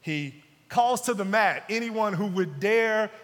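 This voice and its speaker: A man pastor preaching a sermon with emphasis, repeating key phrases and dropping to hushed tones. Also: high voice, lively intonation, slow. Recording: long hall reverb.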